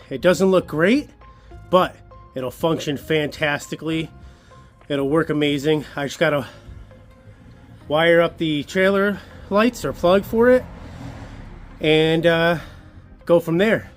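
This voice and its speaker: A man's voice: fairly high pitch, slow, pauses often, faint music behind. A man talking casually on a DIY vlog about his own project, upbeat and chatty in a garage workshop. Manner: upbeat and chatty, self-assured. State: a little out of breath. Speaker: channel host.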